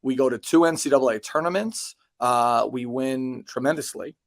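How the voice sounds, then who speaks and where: A man's voice: mid-range voice, moderate pace, no room sound. A man in his thirties, a basketball coach, answering interview questions casually with many ums and restarts and dry self-deprecating jokes.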